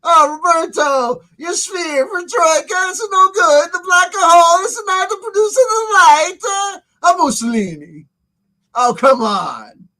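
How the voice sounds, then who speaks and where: A man voicing a theatrical, exasperated mock Italian man with a put-on Italian accent, shouting and wailing. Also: extremely high pitch, animated, unhurried, pitched above the performer's own voice, exaggerated voice.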